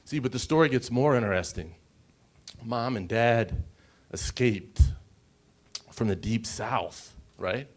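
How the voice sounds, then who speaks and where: A man in his forties from the United States, giving an emotional personal story on a conference panel and often pausing to check in with the audience. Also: medium pitch, a little mellow. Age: 40s. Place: conference stage.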